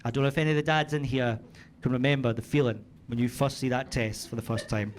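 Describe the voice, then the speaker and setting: A man's voice: medium pitch, fairly even intonation, fast talker. A Scottish man in his thirties doing a stand-up set, telling a story in a chatty, swearing manner with frequent tag questions, on a handheld mic in a comedy club. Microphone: handheld stage mic. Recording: noisy live club recording.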